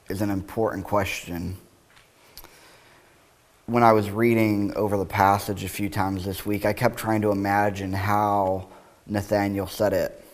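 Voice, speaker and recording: A man's voice: on the low side, level tone, unhurried. A male pastor reading scripture aloud, then preaching in a conversational, reflective way with wry asides.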